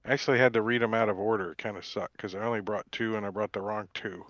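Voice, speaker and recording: A man's voice: on the low side, steady tone, fast, fairly bright tone, dry recording, lo-fi sound. A man playing a tabletop game, joking and wry in casual chat. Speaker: player.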